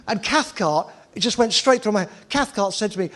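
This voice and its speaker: A man telling a story in a casual chat, animated and sweary, acting out other people's lines. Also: sits high, moderate pace. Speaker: TV presenter telling stories.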